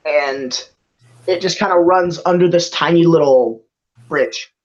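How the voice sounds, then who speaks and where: A game master narrating a tabletop game in a laid-back way, laughing often and dropping into quick character voices. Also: medium pitch, darkish tone. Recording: dull lo-fi mic.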